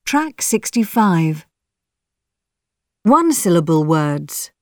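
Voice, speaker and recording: Female announcer for coursebook audio: lower voice, lively intonation, measured headings. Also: no echo, clean studio sound. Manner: plain, measured announcing of track and section headings.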